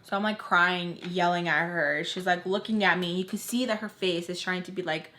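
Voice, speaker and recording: A woman in her twenties telling a casual storytime while doing her makeup, in an animated, slangy way full of fillers. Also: fairly low pitch, moderate pace. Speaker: storytime vlogger.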